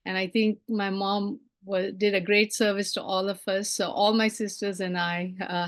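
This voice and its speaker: A middle-aged woman from India giving a personal storytelling speech, animated and acting out the voices of the people she quotes. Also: medium pitch. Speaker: keynote speaker.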